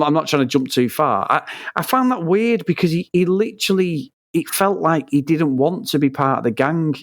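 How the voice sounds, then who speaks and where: A man's voice: fairly high pitch, no room sound, clean studio sound. English man in a stumbling casual chat. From England. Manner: stammers restarts and asks for agreement. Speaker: podcast co-host.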